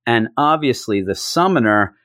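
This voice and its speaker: A man casually recapping a comic book issue, chatting loosely and acting out the characters in quick put-on voices. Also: medium pitch, lively intonation, a bit bright, no room sound, studio quality.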